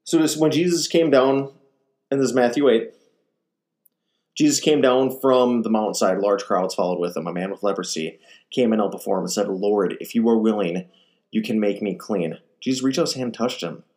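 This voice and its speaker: This ministry speaker, a man with a medium-pitched voice, talks fairly quickly through a casual, conversational sermon. Retelling gospel stories, he animatedly acts out the quotes and uses casual fillers along the way.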